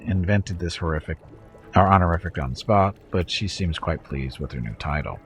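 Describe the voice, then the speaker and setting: A man streaming a game, reading its narration aloud at a steady pace with offhand asides. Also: sits low, normal speed, slight background noise.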